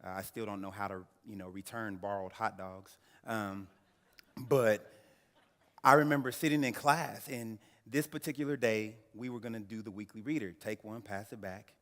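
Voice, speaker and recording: Male keynote speaker in his thirties; low-pitched, dramatic storyteller; reverberant banquet hall. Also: steady tone, normal speed, fairly bright tone. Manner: dramatic storyteller who addresses the audience directly. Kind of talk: personal storytelling speech. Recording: echoey banquet hall through a PA.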